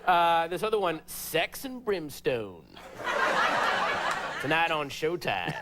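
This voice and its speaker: A man on a late-night talk show, telling a comic story with animated delivery and sudden high shouted impressions. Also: slow, heavy background noise. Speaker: comedian guest.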